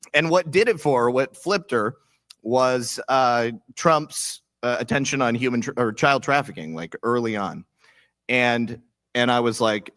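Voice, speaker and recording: A young man with a bright, forceful voice talks casually about politics. He laughs often as he tells stories, heard up close on a dry recording. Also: medium pitch, dry recording.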